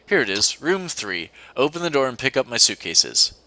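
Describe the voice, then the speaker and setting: A man's voice: mid-range voice, very animated, moderate pace, pushed and bright. A young man hosting a co-op game video, reading a visual novel aloud with playful, giggly asides. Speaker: let's-play host reading a visual novel. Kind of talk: casual co-op game commentary and read-aloud. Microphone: desk mic at a computer.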